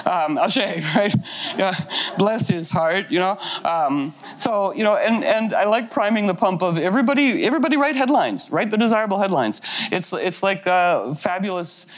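A woman's voice: mid-range voice, lively intonation, normal speed. A woman giving a loose, rambling talk, playful and full of fillers, acting out little quotes as she goes.

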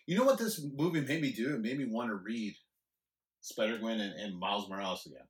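A man's voice: lowish voice, animated, roomy sound, recorded from a distance. A man co-hosting a casual movie chat, often chiming in to agree. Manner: agreeable, lots of quick agreement.

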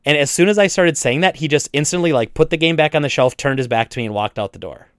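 A man who owns a video game store, telling a story in casual chat, animated and indignant, with many restarts and voices for each side. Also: fairly high pitch, fast, clear, resonant tone, no echo, studio quality. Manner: animated retelling, acts out both sides with frequent restarts.

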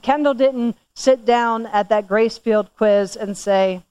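A middle-aged woman telling a story in a sermon, talking casually and animatedly, climbing higher when she quotes herself scolding. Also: measured pace, few pauses, warm tone, clear, resonant tone. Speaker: church speaker.

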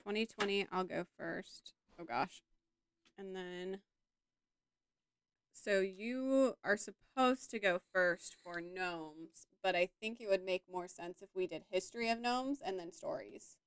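Slow-talking, playful woman podcaster. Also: medium pitch, clear, resonant tone, dry recording. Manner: giggly, playful, rambling. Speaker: podcast co-host. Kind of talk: casual chat.

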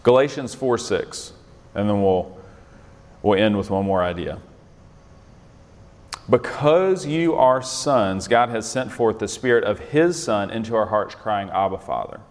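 A man's voice: fairly low pitch, moderate pace, long reverb tail. A man leading an interactive Bible lesson in a conversational way, often quizzing his listeners with questions. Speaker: Bible study leader.

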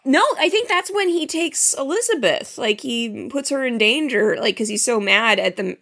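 A woman co-hosting a film podcast who recaps plots in an easygoing way. Her voice sits a little high. She talks casually. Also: animated, moderate pace, a bit bright. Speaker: podcast co-host.

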